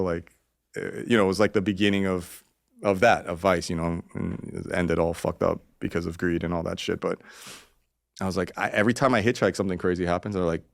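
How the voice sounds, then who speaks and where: Podcast guest: a man in his forties, low gravelly voice, rambling and profane, close and dry. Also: no room sound. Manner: rambling, profane, acts out quotes in raised voice. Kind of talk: casual storytelling interview.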